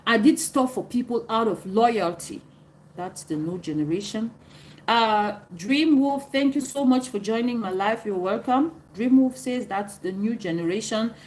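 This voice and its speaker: A woman's voice: medium pitch, darkish tone, a little hiss or hum, low-quality recording. A woman hosting a livestream, giving earnest advice and answering viewers' comments by name. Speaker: livestream host.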